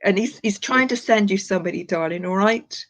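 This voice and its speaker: A fairly bright, mid-range voice moving at a fairly quick clip belongs to an older psychic medium streaming live. Calling people sweetheart and darling, she mixes readings with chat, and the recording is lo-fi and dull.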